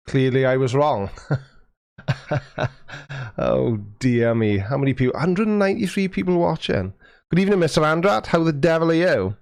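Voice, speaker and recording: A man hosts a casual livestream, reading viewer messages, chatting and joking while he adjusts his settings. He speaks into a studio mic with a foam windscreen, and his mid-range voice comes through clean in a dry, studio-quality recording.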